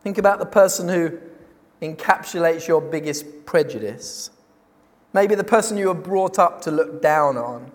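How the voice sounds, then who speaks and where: Man, sermon, high-pitched, emphatic rhetorical questions, long hall reverb. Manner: emphatic, rhetorical questions, slows down on key words. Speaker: preacher.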